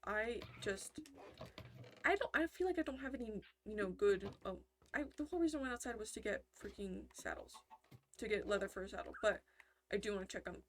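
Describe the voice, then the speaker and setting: A woman's voice: medium pitch, a little hiss or hum. A woman giving casual, rambling commentary while she plays a video game, often breaking off mid-sentence. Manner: rambling, self-interrupting, chatty. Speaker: gaming commentator.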